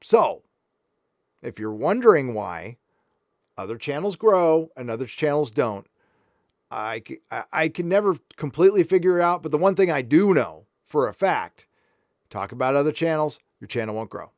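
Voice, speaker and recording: A man from San Diego, California, hosts a casual live stream, his rather high voice swinging widely in pitch with a darkish tone at normal speed. He talks frankly and rambles while reading viewer comments, in dry, studio-quality audio.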